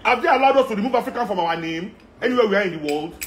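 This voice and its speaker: Heated Nigerian man, high voice. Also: expressive, racing, a little hiss or hum. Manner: heated, rhetorical, repeating questions. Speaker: speaker in a talk. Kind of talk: impassioned rant.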